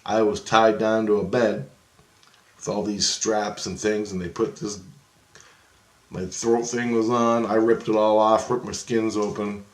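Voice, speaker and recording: A man's voice: on the low side, flat delivery, measured pace. Profane, rambling man in an echoey room. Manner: profane, agitated, acts out voices in his story. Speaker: vlogger recounting astral travel. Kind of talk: rambling first-person storytelling.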